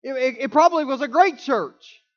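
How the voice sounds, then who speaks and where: Male pastor, high voice, emphatic sermon delivery that stretches key words; slightly muffled recording. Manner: emphatic preaching, slowing down and drawing out key words.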